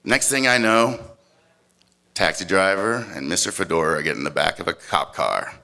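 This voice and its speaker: A man telling a story live on stage at a competition, animated and swinging from loud shouts to hushed tones. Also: low-pitched, normal speed, creaky.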